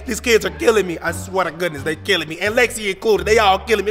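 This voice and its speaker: Loud playful dad vlogger, high voice. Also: male voice, fast talker, few pauses, soft background music. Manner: loud, playful, dramatic pleading. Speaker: family vlogger. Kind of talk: casual family vlog.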